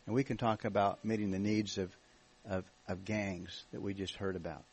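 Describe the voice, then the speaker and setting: An American man speaking as a guest minister at a church meeting, telling his story in a relaxed, joking way. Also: lowish voice, normal speed, slightly rough, poor audio. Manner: jokey, relaxed storytelling with restarts. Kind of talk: church talk, testimony.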